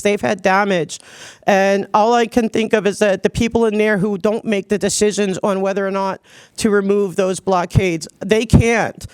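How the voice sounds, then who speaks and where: A woman from Los Angeles speaks at a public meeting, choked up and close to tears. She pleads earnestly, stumbling into restarts, yet her voice stays smooth and resonant. The sound is dry and close, with no room echo. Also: mid-range voice. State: tearful, choked up. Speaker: public commenter at a city commission meeting. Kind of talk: public comment address.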